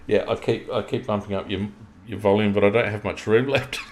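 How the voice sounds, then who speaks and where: In casual football chat, this Australian podcast co-host rambles through his opinions with frequent restarts. His voice is lowish and darkish in tone, with lively intonation, an unhurried pace and frequent pauses, plus a little hiss or hum.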